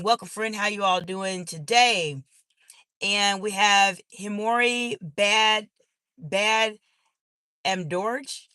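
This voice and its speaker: A woman's voice: mid-range voice, no echo. Woman chatting on a livestream from her car. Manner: greets viewers warmly by name, spells out usernames letter by letter. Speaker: executive coach hosting a livestream. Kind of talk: casual livestream chat, reading comments aloud. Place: inside a car.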